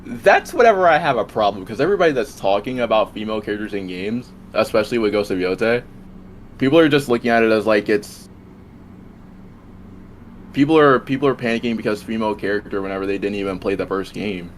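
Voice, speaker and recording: A man's voice: fairly low pitch, lively intonation, fast, slight background noise. A man making a rambling, repeating case in a casual debate over a voice call. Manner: rambling, repeats and restarts while arguing.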